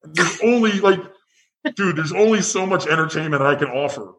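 A man with a somewhat high voice co-hosts a podcast in relaxed chat. He talks loosely, with many fillers and casual swearing. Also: normal speed, low-quality recording. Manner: loose, profane, filler-heavy.

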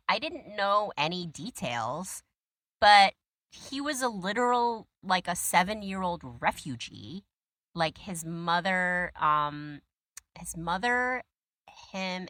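Gushing, animated woman with a bright voice. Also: fairly low pitch, no echo. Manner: animated, gushing storyteller, heavy use of "like". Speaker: interview guest. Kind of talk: casual conversation.

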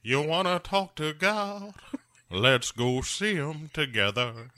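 A man's voice: on the high side, animated, slow pace, sharp tone, dry recording, studio quality, pitched above the performer's own voice, heavily acted. A man voicing a blustering, defiant old farmer who makes threats, as a comic bit on a podcast. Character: armed, defiant old farmer expecting a raid.

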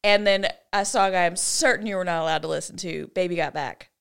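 A woman's voice: on the low side, fairly quick, vocal fry, smooth. A woman in her forties co-hosting a podcast, chatting casually and laughing often. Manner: giggly, chatty, quotes movie lines in put-on voices. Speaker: podcast co-host. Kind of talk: casual chat.

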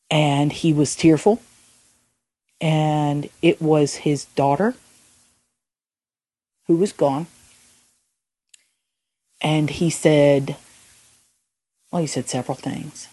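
A woman co-hosting a faith podcast, talking earnestly and haltingly, often restarting her sentences. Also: low-pitched, flat delivery, dark tone, dry recording. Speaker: podcast co-host. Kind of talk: reflective faith podcast talk.

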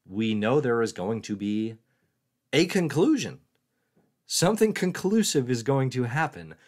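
A man's voice: mid-range voice, big pitch swings, unhurried, darkish tone. A man hosting a casual livestream, joking and mocking himself as he answers viewer questions aloud. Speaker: comics livestream host.

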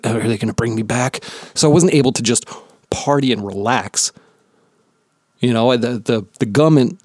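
A man's voice: medium pitch, a little mellow, dry recording. Jersey guy in his 30s rambling and cursing on his podcast, dead dry close mic, mid voice. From New Jersey, USA. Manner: rambling, profane, self-deprecating. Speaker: podcast host. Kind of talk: casual solo podcast chat. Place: home basement.

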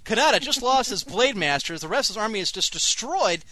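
A man's voice: sits high, lively intonation, fairly quick, pushed and bright. A man hosting an online radio show, giving live commentary on a strategy game with wry, sarcastic asides. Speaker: host and game caster.

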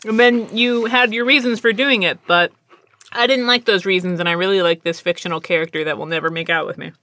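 A young adult woman, a guest in a casual chat, telling animated stories and laughing often. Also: medium pitch, brisk.

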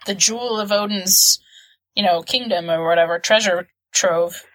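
Bright-voiced chatty woman podcaster. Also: medium pitch, normal speed, a little hiss or hum, rough recording. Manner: chatty, laughs often, nerdy enthusiasm. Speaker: podcast co-host. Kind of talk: casual movie podcast chat.

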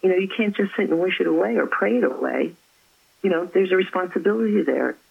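A woman, an author, chatting as an interview guest and telling stories about her faith with effusive warmth. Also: on the low side, animated, quick pace, vocal fry, slightly rough, phone-quality sound. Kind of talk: casual interview chat.

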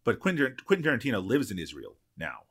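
A man co-hosting a film podcast, relaxed and laughing easily, hedging with filler phrases. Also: lowish voice, fast, husky. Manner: relaxed, laughs easily, hedges with "you know". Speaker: podcast co-host. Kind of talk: casual film review chat.

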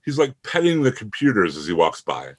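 Animated low-voiced man riffing on a show. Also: brisk, husky, dry recording, studio quality. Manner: animated, mocking, acts out scenes. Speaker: podcast co-host. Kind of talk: casual chat reviewing a TV episode.

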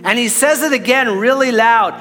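A man's voice: extremely high pitch, normal speed, sharp tone, faint music behind. A middle-aged man preaching as a pastor, telling a personal story in a conversational way and checking in with the audience. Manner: conversational, repeats "right?" to the audience.

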